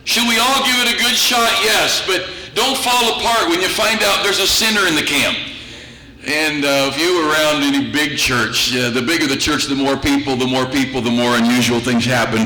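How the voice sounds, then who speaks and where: Echoey, bright-voiced pastor telling funny stories. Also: male voice, mid-range voice. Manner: humorous, chuckles through anecdotes. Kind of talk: storytelling sermon. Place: church sanctuary. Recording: echoey church room with faint noise.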